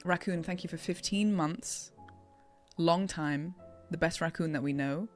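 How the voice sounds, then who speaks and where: A woman's voice: on the low side, unhurried. English woman, game streamer, teasing and chatty, game music behind. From England. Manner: chatty, playful, teasing, laughs often. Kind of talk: casual live-stream chat while gaming.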